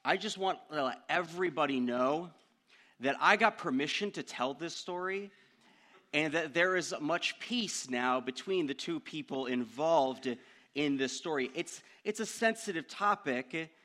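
A young man preaching a sermon, telling a personal story in an animated way that climbs into loud outbursts. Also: a little high.

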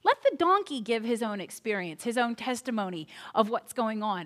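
Lively woman preacher telling a story. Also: a little high, fairly quick, few pauses. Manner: lively, animated retelling with asides. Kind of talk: sermon storytelling.

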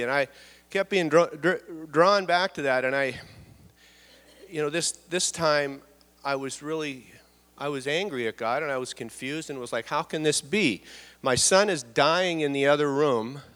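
A middle-aged man giving a personal testimony in church, earnest and halting, often repeating words and dropping his voice. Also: mid-range voice, a bit bright. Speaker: church speaker sharing testimony. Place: church hall. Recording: long hall reverb.

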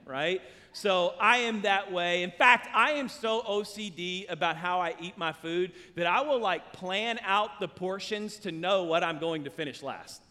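A man preaching a sermon as pastor, telling a story in a conversational, animated way. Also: high voice, measured pace, few pauses, big-room sound. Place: church.

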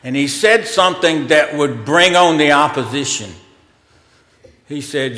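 A man preaching a sermon as pastor, in a slow, conversational way with pauses and fillers, in a church sanctuary. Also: a little high, pushed and bright. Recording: roomy hall reverb.

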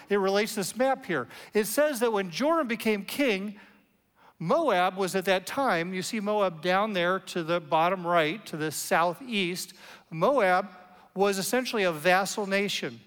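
A man with a high, light voice preaches a sermon, animated and conversational, slipping in playful asides. His words ring out with a long reverb, as if in a big hall. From United States. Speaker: pastor.

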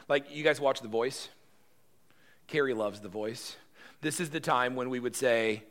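Brief: pastor, conversational sermon, bright forceful tone. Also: male voice, medium pitch, a little slow, pauses often. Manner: animated, conversational storytelling.

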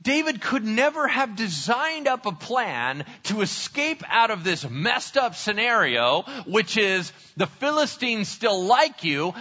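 A man's voice: high-pitched, sharp tone, highs cut off. A man preaching a sermon, telling the story with humor and acting out the characters' voices. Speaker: pastor.

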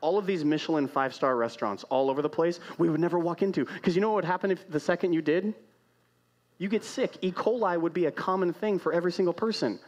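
A man preaching a sermon in a conversational way, asking the congregation rhetorical questions and moving between loud emphatic lines and quiet hushed ones. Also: a little high, quick pace. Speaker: pastor.

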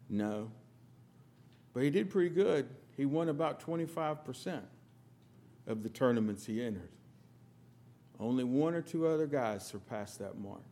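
A middle-aged man from the United States preaching a sermon, telling stories with sudden loud emphatic bursts and quiet asides. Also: medium pitch, expressive, normal speed, pauses often. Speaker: pastor.

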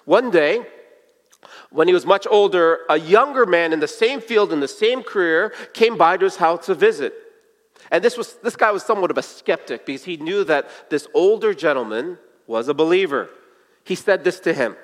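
A man preaching a sermon, telling a story earnestly and slowing down, sometimes hushed, for emphasis. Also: sits high, animated. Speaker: pastor. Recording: long reverb of a large hall.

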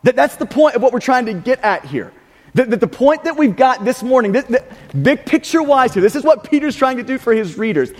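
Male pastor, high-pitched, emphatic sermon delivery with restarts, reverberant sanctuary. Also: sing-song, fairly quick, a little mellow. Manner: emphatic, repeats words, frequent restarts.

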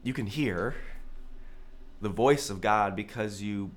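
A male pastor preaching a sermon in a conversational way, with loud emphatic peaks and quiet, low asides. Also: takes it slowly.

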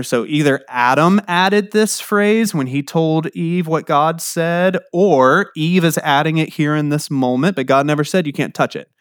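A man's voice: fairly high pitch, clean tone, no room sound, clean studio sound. Man preaching in a chatty, questioning way. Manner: conversational, asks the audience questions. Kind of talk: sermon.

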